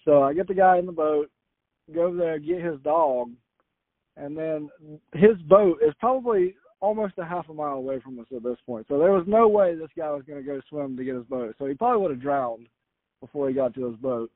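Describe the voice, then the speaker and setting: Casual storyteller from Florida, man, slightly high voice, tinny phone-like line. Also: expressive, fairly quick, no echo. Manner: rambling, self-correcting with frequent "uh". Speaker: guest storyteller. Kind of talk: casual anecdote.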